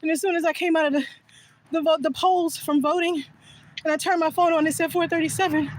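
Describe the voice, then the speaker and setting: A woman's voice: very high-pitched, fairly even intonation, brisk, background noise. A woman telling a personal story in a vlog, candid and laughing often, recorded on a phone in a car. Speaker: vlogger.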